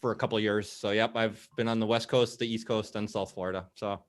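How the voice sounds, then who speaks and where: A man's voice: on the low side, level tone, quick pace. A man from Minnesota co-hosting a casual chat, wry and joking, laughing at his own lines. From Minnesota, USA. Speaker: co-host.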